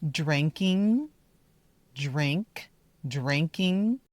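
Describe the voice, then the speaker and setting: A woman teaching English pronunciation at a relaxed, slow pace with a low voice. She repeats each model word carefully and deliberately. The sound is close and dry, with no room echo. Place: outdoors in a park, walking with her dog.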